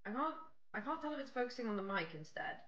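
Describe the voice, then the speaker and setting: A woman's voice: on the high side, animated, fast, a bit bright, lo-fi sound. A young British woman chatting casually with her viewers while baking on a livestream. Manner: chatty, rambling, talks to chat. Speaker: streamer. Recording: faint music behind.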